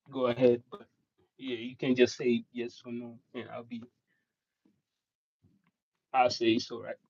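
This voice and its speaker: A man whose first language is Swahili, chatting casually with viewers on a live stream, halting and rambling with many restarts. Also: fairly high pitch, darkish tone, no echo. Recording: dull, dry lo-fi sound.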